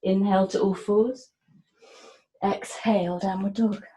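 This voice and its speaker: A woman yoga teacher talks a class through breath and movement in a slow, soft cadence. Her voice is mellow and dark, and it rings in an echoey room. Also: medium pitch, steady tone. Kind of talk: guided yoga class instruction.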